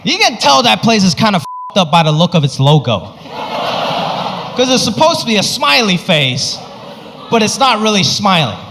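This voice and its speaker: High-voiced male stand-up comedian. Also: big pitch swings, moderate pace, crowd noise. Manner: punchy anecdotal delivery, acts out characters. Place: comedy stage. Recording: reverberant venue with background noise.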